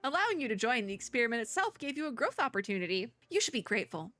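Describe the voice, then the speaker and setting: A woman's voice: fairly high pitch, sing-song, racing, a bit bright, no echo. A woman reading as a haughty puppet scholar. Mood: condescending. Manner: reading game dialogue aloud. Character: haughty female puppet scholar bossing others.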